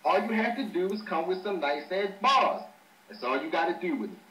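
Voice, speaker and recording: High-voiced man trash talking from afar. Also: lively intonation, a little fast, sharp tone. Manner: loose, profane, dismissive banter. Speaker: battle rapper. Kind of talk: casual trash talk between rap battle rounds. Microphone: webcam chat mic. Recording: roomy distant webcam audio with faint hiss.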